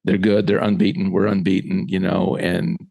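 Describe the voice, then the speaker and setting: A man, a former middle school football coach, telling a lively story in casual podcast talk and acting out the voices he quotes. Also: deep voice, moderate pace, creaky, no room sound.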